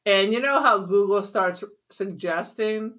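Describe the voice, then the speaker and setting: A woman's voice: medium pitch, a little slow, fairly bright tone. A woman co-hosting a podcast, chatting casually with wry, sarcastic humor. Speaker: podcast co-host. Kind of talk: casual chat.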